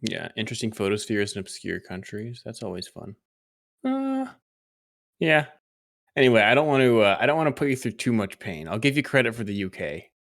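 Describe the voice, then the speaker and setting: A man's voice: on the low side, big pitch swings, brisk, creaky, a bit bright. A man chatting casually on a live stream, teasing his co-host and laughing often. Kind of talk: casual chat.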